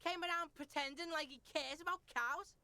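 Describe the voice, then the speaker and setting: A swaggering little brat of a boy from a game, all curses and third-person bragging. The voice sits high and cuts sharply through. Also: a little fast, sharp tone, full character voice. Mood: brash. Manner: talks about himself in third person, swears constantly. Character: foul-mouthed scrappy young boy, boastful. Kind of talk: reading video game dialogue aloud.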